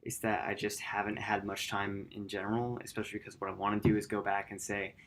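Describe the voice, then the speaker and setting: A man's voice: little pitch movement, fast talker. A man hosting a gaming channel, talking through his upload plans in a rambling, self-correcting late-night vlog. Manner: quiet, low-key.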